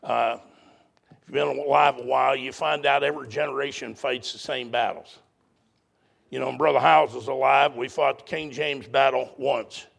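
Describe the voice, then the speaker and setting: A man's voice: mid-range voice, fairly even intonation, normal speed, gravelly, a bit bright, breathy edge. An older man preaching a sermon as pastor, folksy, blunt and emphatic.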